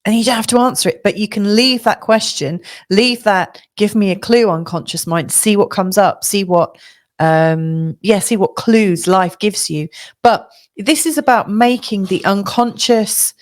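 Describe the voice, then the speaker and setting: A woman's voice: medium pitch, a little slow. A middle-aged woman astrologer giving a monthly forecast in a reflective, coaching way, with many fillers and restarts.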